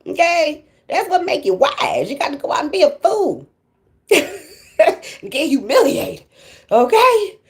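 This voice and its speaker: A woman's voice: high-pitched, big pitch swings, unhurried, pauses often, a little mellow. A woman who hosts a tarot channel, talking to viewers in a blunt, profane casual monologue and laughing often. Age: adult with grown children. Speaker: tarot reader and channel host.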